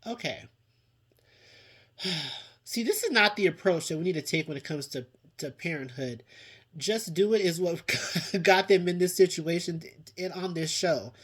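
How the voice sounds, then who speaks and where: A man's voice: high voice, a little slow, pauses often, husky. A man giving a chatty TV review in a casual vlog, with dramatic reactions and frequent laughs. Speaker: TV show reviewer.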